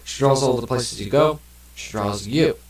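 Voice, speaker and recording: A man's voice: medium pitch, normal speed, reverberant, far from the mic, rough recording. A man casually commenting on a game and reading its text aloud, rambling and swearing now and then. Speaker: let's play gamer.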